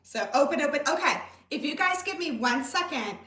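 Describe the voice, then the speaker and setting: Bubbly high-voiced woman on a livestream. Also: expressive, a little fast, bright, forceful tone, far from the mic. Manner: bubbly, gushing, chatty with viewers. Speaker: livestream host. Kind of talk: casual livestream chat. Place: home room. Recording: echoey room, away from the mic.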